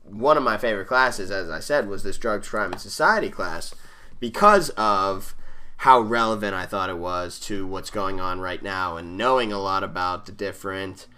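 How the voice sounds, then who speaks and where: A young man co-hosting a casual podcast, joking and breaking into loud excited bursts. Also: sits low, normal speed, clean tone. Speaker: podcast co-host.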